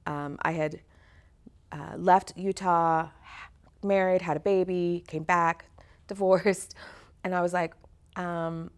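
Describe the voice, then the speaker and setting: Lively middle-aged woman telling stories. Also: on the low side, smooth. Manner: animated, acts out voices in her anecdotes, laughs often. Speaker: actor and singer. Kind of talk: conversational interview storytelling.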